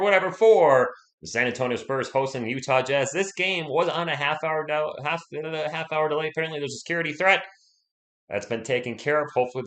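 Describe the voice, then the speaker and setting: Guy rambling on a sports livestream, voice a bit worn from being sick, mid pitch, greets the chat by name. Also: fairly bright tone. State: voice recovering from illness.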